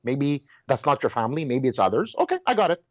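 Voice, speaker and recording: A man's voice: mid-range voice, fast, dry recording, lo-fi sound. A man talking as a guest in a heated casual conversation, telling stories emphatically and restarting his words often. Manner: animated storyteller, repeats and restarts words, exclaims.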